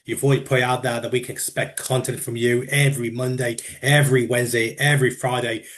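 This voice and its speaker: A man's voice: mid-range voice, flat delivery, quick pace. A man from the UK hosting a casual interview, chatty, often starting with "look" and "mate" and repeating words. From United Kingdom. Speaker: interview host.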